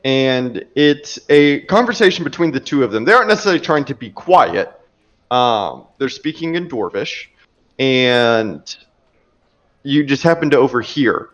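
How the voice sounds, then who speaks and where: A man's voice: mid-range voice, a little slow, highs cut off. A man running a tabletop game as game master, narrating with frequent fillers and laughs. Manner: laughs often, relaxed filler-heavy narration.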